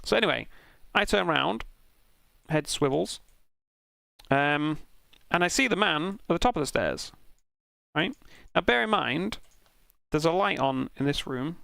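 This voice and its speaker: Young guy on stream telling a story, bit gravelly, dry close mic. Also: on the high side, measured pace, pauses often, no echo. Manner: animated, swearing, self-mocking anecdote with laughs. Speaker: sim racing streamer. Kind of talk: casual storytelling while streaming.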